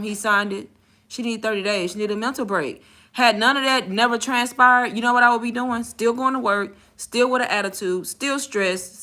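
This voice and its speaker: Her mid-range voice sounds pushed and bright as she tells a casual story about working in a call center. She's candid and fed up, acting out dialogue with plenty of swearing and slang.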